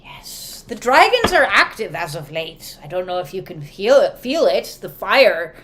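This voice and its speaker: A woman's voice: medium pitch, sing-song, measured pace, very noisy. A woman giving a live spiritual card reading to viewers, casual and emphatic, swearing freely. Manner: acts out quoted voices. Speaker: oracle and tarot card reader.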